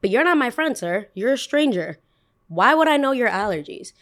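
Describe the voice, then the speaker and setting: Animated young woman telling a story. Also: on the high side, brisk. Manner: animated, acts out both sides of a dialogue. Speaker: podcast host. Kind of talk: casual storytelling.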